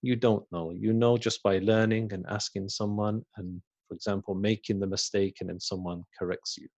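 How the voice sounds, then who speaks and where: A man with a low-pitched voice teaches a beginners' Arabic lesson. He speaks slowly and patiently, repeating each word and then giving its meaning. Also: steady tone, a little mellow, muffled recording. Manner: slow and patient, repeats words and translates them. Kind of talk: recorded language lesson.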